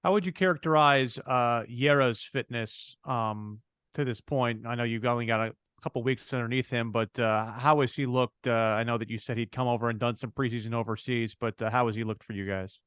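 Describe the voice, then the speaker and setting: A man's voice: medium pitch, fairly even intonation, brisk, a bit bright, clean tone, no room sound, studio quality. A man, a reporter, asking a coach questions at a press conference in a friendly, hesitant way with fillers.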